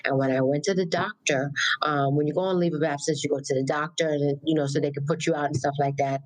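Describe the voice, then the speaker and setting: A woman co-hosting a podcast, her voice sitting low. She tells stories from her own life in an easy, reflective way and repeats words to drive a point home. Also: low-quality recording. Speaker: podcast co-host. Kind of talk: casual podcast conversation.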